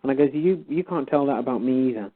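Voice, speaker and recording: On a call-in show, a fast-talking man with a mid-range voice casually tells a story, animatedly quoting both sides of a conversation. The audio comes through a phone line.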